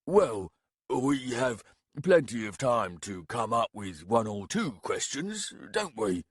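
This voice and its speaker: A male narrator voicing a boisterous tusked warrior leader who booms with mocking grandeur. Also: sing-song, slow, husky, dry recording, clean studio sound, exaggerated voice. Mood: bombastic.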